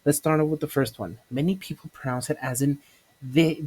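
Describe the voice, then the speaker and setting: A man's voice: fairly high pitch, brisk, darkish tone, slightly rough. A man student explaining pronunciation casually, contrasting wrong and right forms of each word. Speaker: student presenter.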